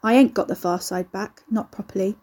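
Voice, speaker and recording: Woman doing a foul-mouthed young guy, sneery, a bit raised pitch, husky mellow tone, storybook read. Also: a little fast, close to an everyday voice. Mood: mocking. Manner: sneering, cursing. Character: coarse, surly young man, foul-mouthed and mocking.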